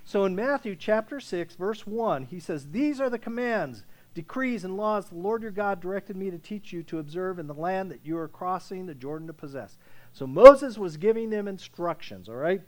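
Male pastor, high voice, chatty sermon delivery that keeps checking in with "okay?", with bursts of emphasis. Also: lively intonation, normal speed. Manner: conversational preaching with frequent "okay?" check-ins; rises to loud emphatic scripture reading.

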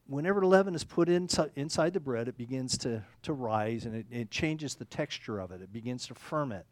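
A man's voice: medium pitch, expressive, brisk, dry recording. Rambling male pastor, dry sound. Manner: rambling, self-correcting, frequent "okay?" checks. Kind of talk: conversational sermon.

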